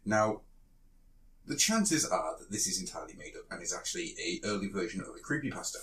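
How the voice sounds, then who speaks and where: A man's voice: deep voice, big pitch swings, fairly quick, a bit bright, a little hiss or hum. A man from South Africa co-hosting a podcast in casual chat, rambling and hesitant with many fillers. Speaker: podcast co-host, storyteller.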